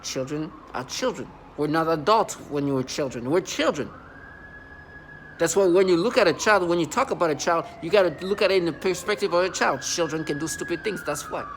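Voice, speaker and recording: An agitated man rambles straight to camera, circling back and repeating himself. His voice sits a little on the high side. A faint hum of ambience and passing traffic sits underneath. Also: brisk. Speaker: channel host. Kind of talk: unscripted monologue to camera.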